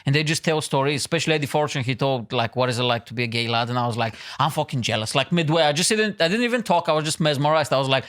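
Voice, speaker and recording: A young man hosting a podcast in casual chat, with a mixed Eastern European and American accent, rambling loudly and swearing all the time. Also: a little high, very fast, few pauses. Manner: loud, rambling, swears constantly. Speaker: podcast host, stand-up comedian.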